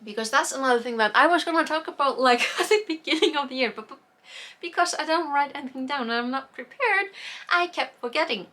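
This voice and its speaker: A woman's voice: high-pitched, animated, a little fast, pushed and bright. A woman chatting casually about knitting projects, rambling, losing her words and trailing off with fillers. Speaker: knitting vlogger.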